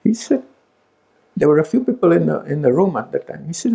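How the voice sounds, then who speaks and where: An older man in his seventies telling a personal story to a gathering, animated and quick, acting out quoted exchanges. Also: fairly high pitch, creaky. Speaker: speaker at a spiritual gathering. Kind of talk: storytelling talk.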